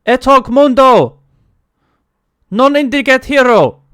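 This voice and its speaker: Male narrator as commanding elf sentry with a Russian accent, raised pitch. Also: expressive, moderate pace, no room sound, clean studio sound. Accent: Russian, put on. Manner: loud, proclamatory.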